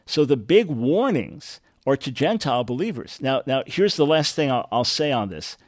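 An earnest man hosts a call-in radio show in a dry, close recording. He speaks at a middle pitch and often repeats words to stress a point. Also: very animated, normal speed, dry recording. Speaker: radio talk show host.

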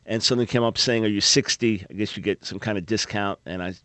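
A man's voice: lowish voice, fairly even intonation, quick pace, fairly bright tone, dry recording. Upbeat man in his fifties hosting radio. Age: 50s. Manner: earnest, upbeat, repeats words when restarting. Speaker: radio talk show host. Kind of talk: call-in radio talk. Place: dry radio studio. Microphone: studio microphone.

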